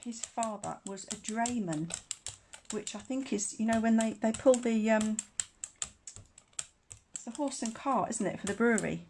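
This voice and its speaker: A woman's voice: on the high side, measured pace, pauses often, a little mellow, slight background noise. A woman teaching a casual live craft demonstration, chatty and rambling, laughing often. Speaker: craft tutor.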